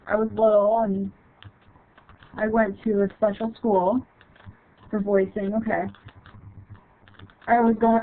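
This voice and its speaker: A woman telling a personal childhood story in short, halting phrases with frequent restarts. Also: mid-range voice, gravelly. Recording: tinny phone-like sound.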